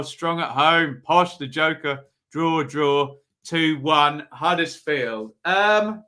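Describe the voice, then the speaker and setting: A man's voice: on the high side, bright, forceful tone. A man hosting a live football predictions stream, chatting casually, thinking aloud and reading out viewers' comments.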